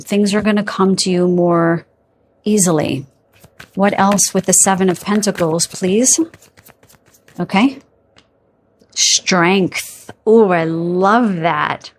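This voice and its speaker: A woman's voice: mid-range voice, unhurried, a little hiss or hum. Chatty woman giving a tarot reading. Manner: chatty, warm asides to viewers, frequent "okay?" and "you guys"; yawns and laughs while talking. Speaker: tarot reader. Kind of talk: casual spiritual tarot reading.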